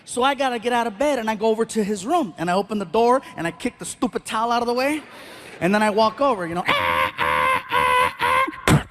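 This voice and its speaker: A male stand-up comedian tells animated stories on stage in a notably high voice. He throws in sound effects. A faint hum of noise sits behind him. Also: fast talker.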